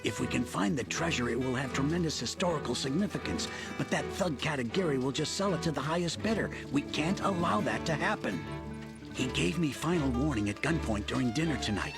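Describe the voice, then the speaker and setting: An actor playing an anxious, earnest professor in an English anime dub who explains at length. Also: male voice, mid-range voice, expressive, a little fast, gravelly, loud music behind the voice. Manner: earnest and explanatory, jumpy when scared. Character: anxious middle-aged male professor, frightened but determined.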